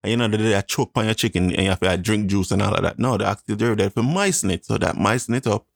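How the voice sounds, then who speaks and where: A Jamaican man with a Jamaican accent, chatting casually and telling animated stories, slipping into patois. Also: fairly low pitch, rapid-fire, gravelly, dry recording, clean studio sound. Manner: animated storytelling, slips into patois. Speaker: co-host. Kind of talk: casual chat.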